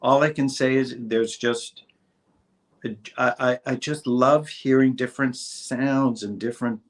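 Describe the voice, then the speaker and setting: A man in his sixties, a guest actor in a casual interview, talking in a rambling, hesitant way with many fillers and restarts. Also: fairly low pitch. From Saint Boniface, Manitoba, Canada. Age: 60s.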